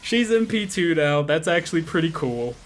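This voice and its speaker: A man commenting on his gacha rolls, getting excitable, swearing and pleading with the game. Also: fairly high pitch, normal speed. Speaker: game streamer.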